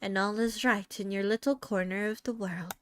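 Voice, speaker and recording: A young woman streaming, reading a story game aloud in an unhurried storybook manner with casual asides. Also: mid-range voice, steady tone, fairly bright tone, a little hiss or hum.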